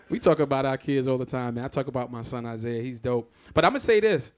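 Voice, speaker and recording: A man doing a live stand-up comedy set on a theatre stage, telling stories in a loud, exclamatory, profane way. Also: medium pitch, fairly quick.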